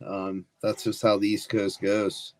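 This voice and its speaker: A man talking as a podcast guest in a relaxed, halting way. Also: on the low side, dry recording. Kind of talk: casual chat.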